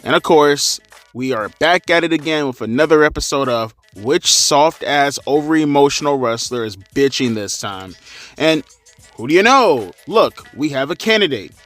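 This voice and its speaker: A man's voice: on the high side, expressive, normal speed, a bit bright, no room sound, faint music behind. A young man hosting a crude, sarcastic rant commentary, cursing heavily. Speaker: commentary channel host.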